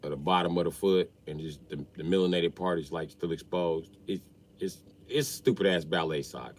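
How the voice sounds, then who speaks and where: A man, ranting comically about family life in a stand-up style, swinging from muttering to yelling. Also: low-pitched, normal speed. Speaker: comedian. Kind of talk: stand-up style comedic rant.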